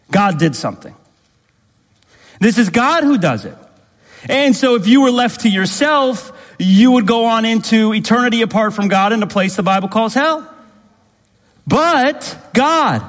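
Male pastor, higher-pitched, insistent sermon delivery, repeats his points, recorded in a reverberant sanctuary. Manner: emphatic, repetitive preaching with rhetorical questions. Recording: long reverb in a hall.

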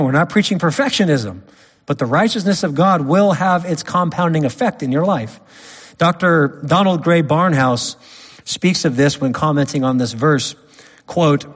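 A man preaching a sermon, emphatic, swinging from loud stresses to quiet drops. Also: fairly high pitch, breathy edge. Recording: long hall reverb.

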